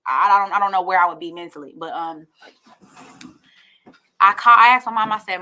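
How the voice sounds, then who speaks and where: A woman's voice: mid-range voice, fairly quick, pauses often, sharp tone. A woman in her twenties, a guest on a church talk show, telling a personal story in a casual conversational way and quoting her parents along the way. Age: 20s.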